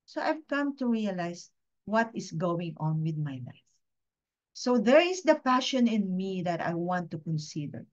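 A woman's voice: fairly low pitch, big pitch swings, a little slow. A woman from the Philippines giving an emotional personal testimony as a guest speaker at a training session, earnest and confiding, often putting questions to her listeners. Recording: dull lo-fi sound.

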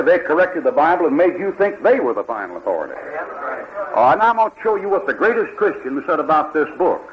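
A man preaching a fiery Bible sermon, firing rhetorical questions and mocking the people he quotes. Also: on the high side. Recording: lo-fi archival sermon tape.

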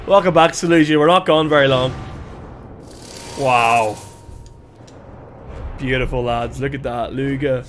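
A man doing casual gameplay commentary on a livestream, excitable, swearing freely and shouting at the game. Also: medium pitch, unhurried, pauses often, slight background noise.

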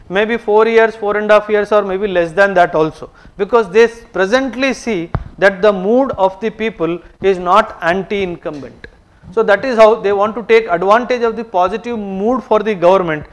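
A man with an Indian English accent teaching a current affairs lesson for civil services exam students. He explains step by step, repeats key terms and keeps checking in with the class. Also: sits high.

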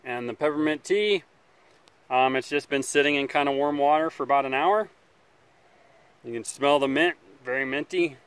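A man hosting a casual outdoor survival vlog, talking in a relaxed, rambling way by a campfire, sometimes chewing as he speaks. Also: mid-range voice, moderate pace, pauses often, clear, resonant tone. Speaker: outdoor survival channel host.

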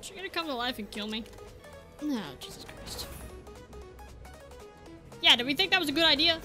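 High, lively woman gamer with game music. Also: normal speed. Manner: chatty, jokey, talks to game characters. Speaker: gamer playing on video. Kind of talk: casual let's-play commentary.

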